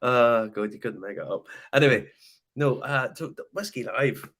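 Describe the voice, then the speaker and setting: A man's voice: medium pitch, normal speed, a bit bright. Chatty man hosting. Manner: chatty, enthusiastic, laughs often. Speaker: podcast co-host. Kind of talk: casual whiskey chat. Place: hotel room.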